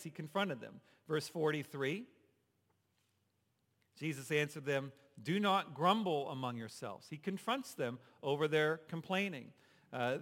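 A man's voice: fairly high pitch, fairly bright tone, big-room sound. A male pastor preaching a sermon in a conversational way, asking the congregation rhetorical questions, in a church sanctuary.

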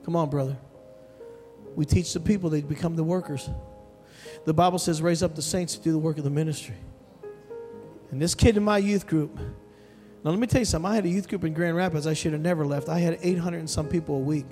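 A man preaching a sermon as pastor, telling a story with animated, emphatic delivery and calling out to the congregation. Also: fairly high pitch, brisk. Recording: long hall reverb with soft music behind.

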